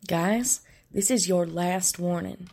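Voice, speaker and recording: A woman's voice: on the low side, slow pace, vocal fry, a little mellow. A woman playing a stern, exasperated support group leader in a comedy sketch.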